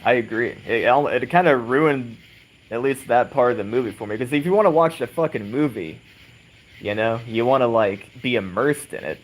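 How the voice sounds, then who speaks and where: A man's voice: mid-range voice, moderate pace, rough recording. A man casually chatting with viewers of his stream, rambling, swearing a lot and chuckling often, while rocking on a swing on an outdoor porch. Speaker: livestream host.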